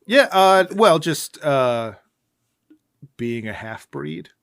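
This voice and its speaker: A man's voice: fairly high pitch, big pitch swings, extremely slow, a bit bright, clear, resonant tone, no room sound, studio quality. A man co-hosting a podcast, recapping a movie in casual chat with a sarcastic, ranting manner. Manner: sarcastic, ranting, puts on silly voices. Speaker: podcast co-host.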